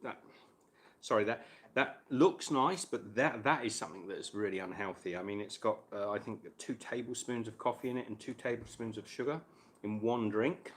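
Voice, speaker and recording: A man's voice: on the low side, normal speed, slight background noise. A man hosting a casual live stream chat while cooking, chatting between bites and answering viewers' questions.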